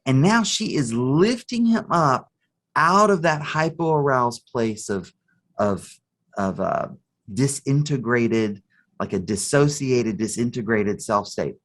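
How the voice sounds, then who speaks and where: A man's voice: medium pitch, lively intonation, takes it slowly. A man, a therapist guest on a podcast, explaining with a story and clinical terms. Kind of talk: podcast interview.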